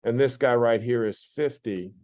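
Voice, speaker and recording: A man's voice: mid-range voice, normal speed, darkish tone. Man teaching a geometry class. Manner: repetitive, questioning the class, plainspoken. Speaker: math teacher. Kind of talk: classroom lecture.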